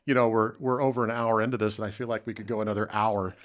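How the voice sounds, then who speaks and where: Low-voiced male podcast host. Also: fairly even intonation, quick pace. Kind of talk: interview hosting.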